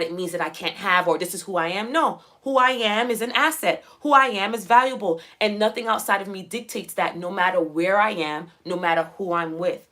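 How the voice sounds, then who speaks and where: A woman's voice: mid-range voice, a bit bright. A young woman vlogging, giving casual motivational talk to her viewers, emphatic and repeating her phrases as she quotes her own thoughts. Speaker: self-development vlogger.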